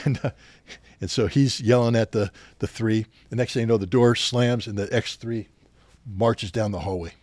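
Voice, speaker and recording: Older male guest, low voice, dry close sound, animated storyteller who acts out quoted dialogue. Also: fast, no echo. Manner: animated anecdotes, acting out quoted officers. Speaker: podcast guest. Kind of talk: storytelling in a podcast interview.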